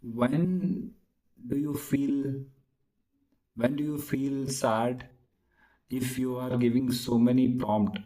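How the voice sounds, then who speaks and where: A man with a mellow, soft-edged voice practices spoken English out loud. He talks haltingly, searches for words and restarts his sentences often as he works through each answer. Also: medium pitch, steady tone, poor audio. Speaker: English learner practicing speaking.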